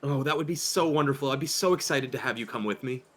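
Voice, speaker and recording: A man voicing an excitable, effusive woman who gushes about her church, halting with many fillers. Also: medium pitch, close to an everyday voice. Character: gushing, excitable female churchgoer friend.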